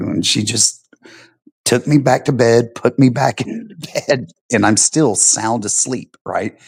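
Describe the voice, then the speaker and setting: A man's voice: lowish voice, unhurried, no room sound, poor audio. A middle-aged man, a veteran, chatting casually on a stream and telling stories, laid-back and swearing, full of "you know" and "right". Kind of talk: casual chat.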